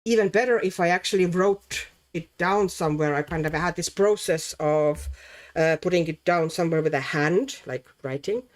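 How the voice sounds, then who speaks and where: A woman hosting a relaxed livestream, chatting casually as she colours, reading out viewers' names and thinking aloud while she works. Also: on the low side, moderate pace. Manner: chatty, laughs often, reads chat names aloud; muses aloud while working. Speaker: livestream host.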